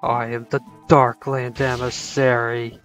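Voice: little pitch movement, faint music behind, low-quality recording. A player voicing a menacing shadow god. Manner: slow, low and quietly threatening. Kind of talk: reading game dialogue aloud.

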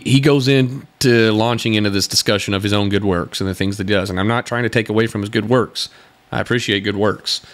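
A man's voice: lowish voice, a bit bright. A man hosting a podcast, responding to a video in a sarcastic, exasperated commentary and laughing between points. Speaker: podcast host.

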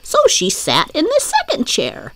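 A woman's voice: high-pitched, wildly swooping pitch, measured pace, a bit bright, a little hiss or hum. Sing-song woman reading a children's story. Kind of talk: children's story read-aloud.

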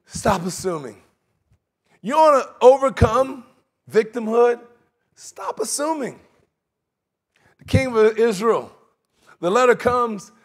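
Man, preacher, sermon, high voice, very expressive pitch, acts out quotes. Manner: animated, conversational preaching with acted-out quotes and laughter.

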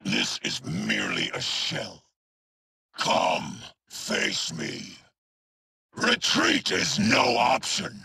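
An actor playing a hulking, brutal male cyborg enforcer in a video game, with a harsh, gravelly, machine-like voice and a contemptuous, menacing way of barking threats. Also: low voice, huge pitch swings, very slow, bright, forceful tone, no echo, studio quality, full character voice. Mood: contemptuous taunting.

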